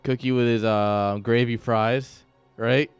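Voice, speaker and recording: A man's voice: medium pitch, fairly even intonation, slow pace, clear, resonant tone, no room sound, soft background music. A man casting a game stream, chatting casually and teasing with lots of laughs. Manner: joking, teasing, laughs often. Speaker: esports caster.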